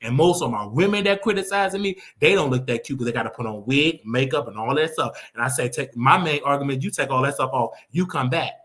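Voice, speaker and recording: A man's voice: mid-range voice, quick pace, few pauses, a bit bright. Brash, mocking man hosting commentary. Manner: brash, mocking, trash-talking. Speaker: host. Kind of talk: casual commentary monologue.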